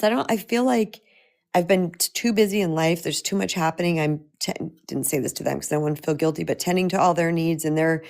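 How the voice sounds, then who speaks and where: A woman's voice: lowish voice, a little mellow. A middle-aged woman, a spiritual empowerment coach, speaking in a heartfelt, personal way to viewers of a live-streamed talk, with frequent restarts.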